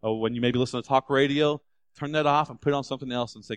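A man preaching a sermon as a pastor, animated and climbing into loud, emphatic stretches. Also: mid-range voice, quick pace, clear, resonant tone, no room sound.

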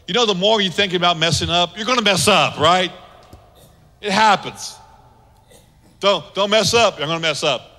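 A man's voice: high-pitched, moderate pace, long pauses, sharp tone. A male pastor preaching a sermon with emphatic, repetitive exhortations that build to climaxes. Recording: long reverb of a large hall.

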